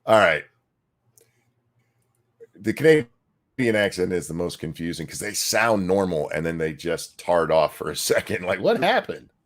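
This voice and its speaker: Low-voiced ranting man with lively pitch. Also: normal speed, pauses often. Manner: blunt, crude, ranting. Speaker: co-host. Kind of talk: casual podcast banter.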